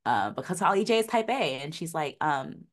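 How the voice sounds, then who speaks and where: A woman's voice: low-pitched, normal speed. A young woman casually recapping a TV episode, full of "like" and "um", laughing often and acting out the characters' lines. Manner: animated, acts out characters' lines mid-story; laughs often, many likes and ums. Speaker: podcast co-host recapping a TV episode. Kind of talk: casual chat.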